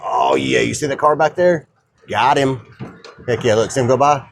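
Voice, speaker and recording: Brief: easygoing man, mid-pitched, chatty DIY garage vlogger who jokes with his viewers. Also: normal speed, creaky, a little hiss or hum. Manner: joking, laid-back, talks to viewers as guys. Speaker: DIY truck builder. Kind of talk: casual how-to vlog.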